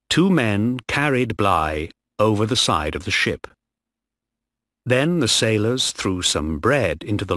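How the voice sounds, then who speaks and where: A man narrating a story slowly and clearly for English learners. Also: on the low side, fairly bright tone, no echo, clean studio sound. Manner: slow, clear reading.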